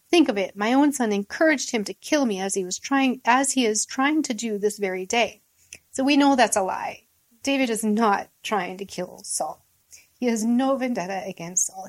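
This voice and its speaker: A woman's voice: fairly high pitch, dry recording. A woman leading a Bible study, reading scripture aloud and explaining it in an earnest, conversational way. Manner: earnest, reads verses then comments conversationally. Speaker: Bible teacher.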